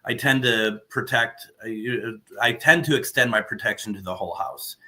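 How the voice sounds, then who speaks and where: A man talking casually from his home as he runs a spirit box session, halting and restarting as he searches for words. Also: mid-range voice, sharp tone. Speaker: paranormal radio host running a spirit box session. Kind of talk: casual live session chat.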